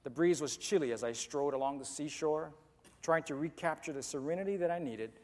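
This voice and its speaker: A man narrating a dramatic story in the first person, with an expressive, halting delivery. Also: on the high side. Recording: long hall reverb with soft music.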